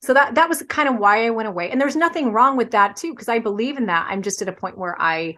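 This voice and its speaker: A woman's voice: a little high, animated, quick pace, sharp tone. A woman who is a podcast guest, earnestly explaining her views with everyday examples in casual conversation.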